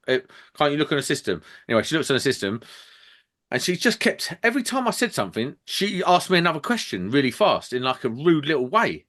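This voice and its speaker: A man telling a sweary, animated story as a podcast co-host. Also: mid-range voice, brisk. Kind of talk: casual chat, ranting anecdote.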